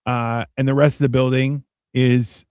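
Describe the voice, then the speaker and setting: A man's voice: mid-range voice, flat delivery, unhurried, darkish tone, clean tone, no echo, clean studio sound. A man co-hosting a live movie watch-along, chatting casually, joking and swearing as he comments on the scenes. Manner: joking, swearing, acts out characters.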